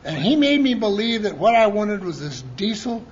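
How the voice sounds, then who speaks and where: On a lo-fi conference tape with heavy background noise, a Montana man speaking in a conference hall tells his recovery story in a high-pitched, very animated voice at a moderate pace. He's folksy and rambling, restarts often, and acts out the voices of people he quotes.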